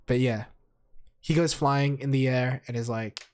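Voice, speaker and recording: A man who sounds sick and hoarse reviews anime episodes casually, rambling, excitable and heavily profane. His voice is medium-pitched and a little fast.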